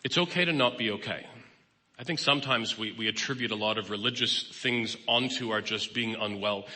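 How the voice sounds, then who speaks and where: A therapist in his fifties, appearing as a guest speaker in a church hall, gives a candid, personal, plain-spoken talk in a conversational sermon style. His lowish voice is fairly quick and sharp, and the large hall adds long reverb.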